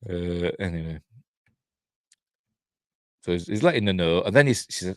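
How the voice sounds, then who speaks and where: A man's voice: lowish voice, normal speed, pauses often, dry recording, studio quality. A middle-aged man with a Yorkshire accent recapping a horror film in a rambling, casual way, chuckling and briefly acting out characters' lines. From Yorkshire, England. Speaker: film reviewer.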